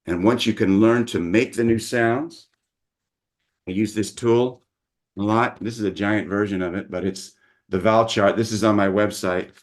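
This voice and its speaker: A middle-aged man, a dialect coach, patiently explaining his teaching methods in an interview. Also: lowish voice.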